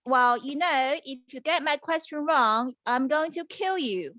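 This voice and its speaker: A cold, stern princess speaks down to her suitor, as a mother acts her out in a children's puppet story. The voice is high and recorded close and dry. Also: expressive, a little slow, a bit bright, dry recording, muffled recording. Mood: haughty. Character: cold, cruel young princess.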